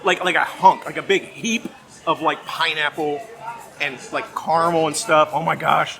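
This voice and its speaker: Middle-aged guy vlogging, kinda high voice, super enthused, music going behind him. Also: fairly even intonation, moderate pace, creaky, fairly bright tone. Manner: enthusiastic, rambling food reviewer. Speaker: theme park vlogger. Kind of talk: casual vlog commentary.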